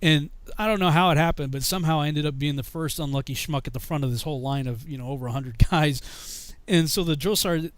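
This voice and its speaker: Animated male storyteller from Massachusetts, high and lively, dry close sound. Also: quick pace, few pauses, dry recording. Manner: animated, laughs often, acts out the people in his story. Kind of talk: casual storytelling.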